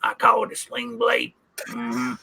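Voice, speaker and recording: A man impersonating a slow-drawling older Southern film character, mumbling low with grunted hums between lines. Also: huge pitch swings, creaky, bright, forceful tone, slightly rough, heavily acted. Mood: deadpan.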